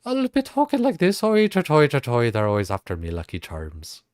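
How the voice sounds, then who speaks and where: A jolly little leprechaun man with a cartoonish mock-Irish lilt, as a man puts him on, the voice jumps high and sing-song. The brogue is overdone on purpose. The sound is close and dry. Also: wildly swooping pitch, normal speed, a little mellow, dry recording.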